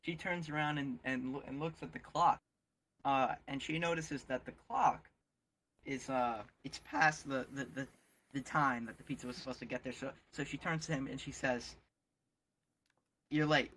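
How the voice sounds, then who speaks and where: A man's voice: medium pitch, fairly even intonation, moderate pace, fairly bright tone, a little hiss or hum. A young man casually retelling a movie scene in an online chat, rambling with lots of fillers. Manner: rambling, many fillers and restarts. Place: online virtual world chat.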